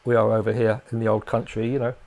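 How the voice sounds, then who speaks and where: A man's voice: lowish voice, level tone, fast talker, gravelly, a little mellow. An older man from England, a guest in a casual interview, who rambles and hesitates with many fillers and restarts.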